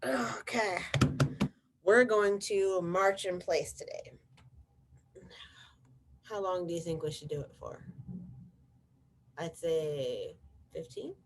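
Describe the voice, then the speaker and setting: Give me an encouraging preschool teacher. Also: female voice, on the low side, slow pace, pauses often, a little hiss or hum. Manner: bright, encouraging, talks straight to small children. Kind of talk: virtual circle time for young children.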